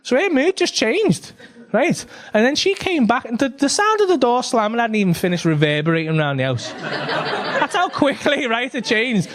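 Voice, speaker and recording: A man's voice: very high voice, big pitch swings, moderate pace, fairly bright tone. A young man doing a stand-up routine, rambling and swearing, working himself up into exasperated rants. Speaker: stand-up comedian.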